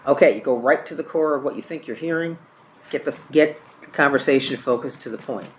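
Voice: mid-range voice, fairly quick, a little hiss or hum. A trainer teaching a caregiving class from a course book, reading examples aloud and often repeating or correcting their own words.

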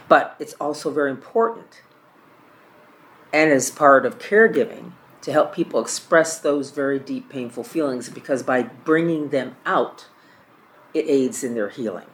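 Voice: medium pitch, slight background noise. A trainer teaching a caregiving class from a course book, reading examples aloud and often repeating or correcting their own words.

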